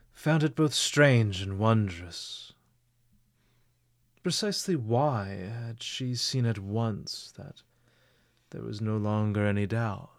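A man narrating a novel as an audiobook with a measured, expressive reading. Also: fairly low pitch, no echo, clean studio sound.

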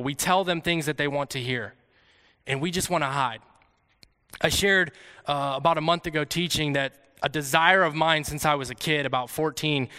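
A man's voice: a little high, bright, forceful tone, smooth. Earnest young male preacher in a hall. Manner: earnest, conversational, acts out his own inner voice. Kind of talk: sermon. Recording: reverberant hall.

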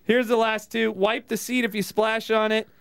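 A man's voice: high-pitched, level tone, moderate pace, vocal fry, fairly bright tone, smooth, no echo. A man hosting a comedy podcast, chatting casually with frequent fillers and laughter. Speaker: podcast host.

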